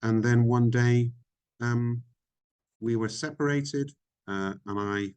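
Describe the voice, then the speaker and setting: A middle-aged man speaking frankly as a podcast guest, reflective and halting, with many ums. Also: mid-range voice, steady tone, a little mellow, clean tone. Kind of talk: candid interview conversation.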